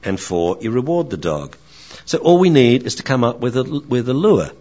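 A man teaching dog training in a lecture, animated and acting out barks and dialogue. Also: medium pitch, normal speed. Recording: dull lo-fi recording.

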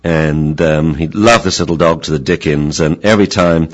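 A very deep-voiced older man gives a relaxed, informal lecture on dog training. He is chatty and often stumbles and repeats his words. Now and then he acts out what a dog or its owner would say. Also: normal speed, lo-fi sound.

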